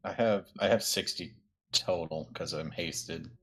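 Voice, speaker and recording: Lowish voiced guy playing a tabletop game, sheepish, sudden loud bursts. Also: a little slow, breathy edge. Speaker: player. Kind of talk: casual tabletop game chat.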